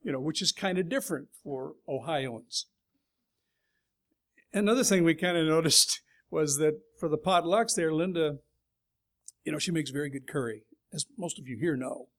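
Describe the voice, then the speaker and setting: A man's voice: a little high, normal speed, a bit bright. A middle-aged man from California giving a sermon in a folksy, conversational storytelling way. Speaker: preacher.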